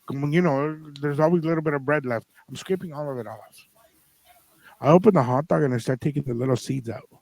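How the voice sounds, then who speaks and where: A man's voice: a little high, quick pace, gravelly, darkish tone, no echo, low-quality recording. A man co-hosting a podcast, telling a family story in casual talk that mixes in Spanish phrases and acts out the people in it. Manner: switches between English and Spanish phrases. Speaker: podcast co-host.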